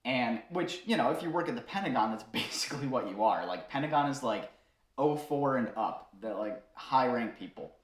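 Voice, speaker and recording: A man recounting a story from behind the bar in an easy, chatty way, full of fillers and quick laughs. His voice sits at an ordinary middle pitch. The sound carries a roomy echo. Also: animated. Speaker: bartender telling a story to viewers. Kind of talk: casual storytelling.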